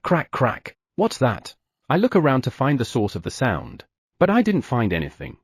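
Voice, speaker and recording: A man narrating a fantasy audiobook in first person, giving the other characters small shifts of pitch. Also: a little mellow, slightly rough, no echo, clean studio sound.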